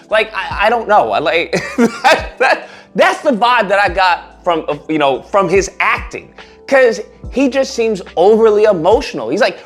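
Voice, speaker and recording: A man giving casual online commentary, animated and quick to mock others with a high put-on voice. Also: slightly rough, soft background music.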